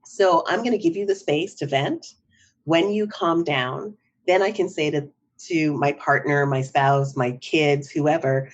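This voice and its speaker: A measured, low-pitched woman speaks in lo-fi sound. Middle-aged and a psychotherapist, she's a podcast interview guest who reflects thoughtfully and often checks in with "right?"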